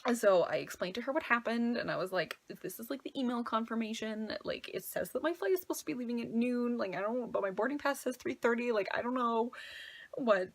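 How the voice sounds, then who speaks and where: A woman's voice: fairly high pitch, expressive, brisk. A young woman in her twenties, chatty and filling her talk with "like", casually retelling a travel mishap as a vlogger. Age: 20s. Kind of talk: casual storytelling.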